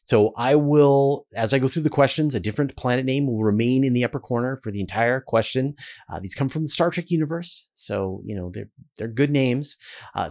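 A man with a Canadian accent hosting a relaxed question-and-answer show, talking casually with fillers and restarts. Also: mid-range voice. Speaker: host. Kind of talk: casual Q&A talk.

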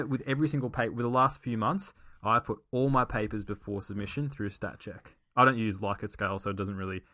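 A man's voice: on the low side, pushed and bright, dry recording. A man co-hosting a podcast, explaining things earnestly with frequent fillers and restarts. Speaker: podcast co-host. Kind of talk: casual podcast chat.

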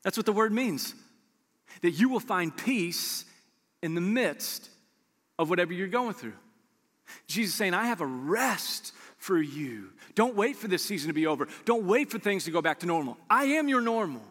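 A man preaching a sermon as pastor, animated and acting out his listeners' replies. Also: sits high, normal speed, long reverb tail.

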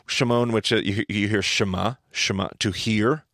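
Gravelly low-voiced man teaching. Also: moderate pace, no echo, clean studio sound. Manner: animated, thinks aloud, asks his co-host questions. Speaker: podcast host and Bible teacher. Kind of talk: casual teaching conversation.

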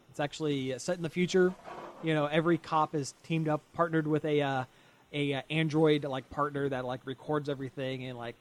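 Chatty man rambling with filler words. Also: a little high. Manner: rambling, many fillers, laughs often. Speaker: podcast co-host. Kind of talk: casual chat.

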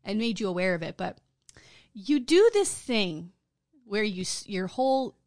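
A woman co-hosting a podcast, telling stories in a lively, profane, casual chat. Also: medium pitch, unhurried, no room sound, studio quality. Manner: animated, profane storytelling. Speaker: podcast co-host.

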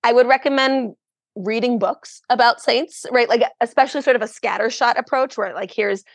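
Female guest, chatty and self-mocking, raised pitch, no room sound. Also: moderate pace, dry recording. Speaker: podcast guest. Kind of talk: casual chat.

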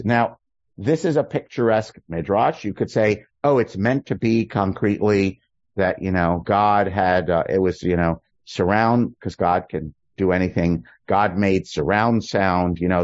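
A man teaching a class on a text, explaining lively and checking in with his listeners as he goes. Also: on the low side, no echo, dull audio. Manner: animated, questioning, checks in with "okay?" and "right?". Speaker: teacher leading a study class.

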